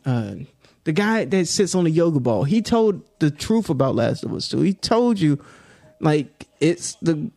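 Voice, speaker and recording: A man's voice: on the high side, creaky, a little mellow. A man giving a rambling, joking monologue as a video creator, drifting into clumsy freestyle rap. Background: hip-hop beat playing.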